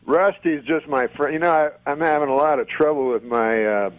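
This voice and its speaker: A man, a comedian calling in to a radio show, telling a bit in a deadpan drawl over the phone. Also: on the high side, moderate pace, no room sound. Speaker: comedian guest. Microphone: phone line. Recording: muffled phone line.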